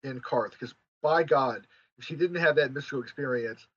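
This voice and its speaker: Husky, higher-voiced man on dull audio. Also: normal speed. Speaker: podcast guest. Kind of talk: casual discussion.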